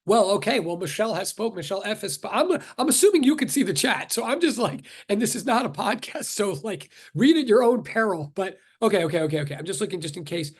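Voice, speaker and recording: A man's voice: sits high, big pitch swings, fast talker, hardly any pauses, breathy edge. A middle-aged man from Brooklyn teaching physics over a video call, rambling, joking and interrupting himself as he reads the chat. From Brooklyn, New York. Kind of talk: casual class introduction on a video call.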